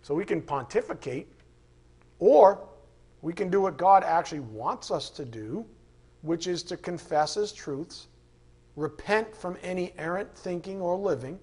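A male preacher with a high, husky voice that swings widely in pitch. He preaches emphatically, jumping from loud rebukes to low, mocking asides. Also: expressive, a little slow. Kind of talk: sermon.

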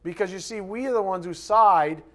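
Emphatic preacher with loud and quiet swings. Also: male voice, sits high, normal speed. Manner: rhetorical questions to the congregation. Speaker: pastor. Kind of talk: sermon.

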